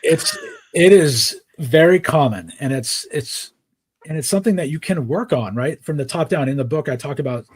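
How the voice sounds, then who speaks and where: A man's voice: fairly high pitch, expressive, moderate pace, a little mellow, husky, dry recording. A man, a podcast guest and author, explaining ideas in a conversational interview, often checking in with "right?". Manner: explains frameworks with many "right?" tags.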